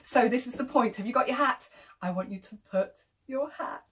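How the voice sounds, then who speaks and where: A woman telling an interactive children's story, animated and sing-song, with whispers and gasps for effect. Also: on the high side, normal speed, far from the mic.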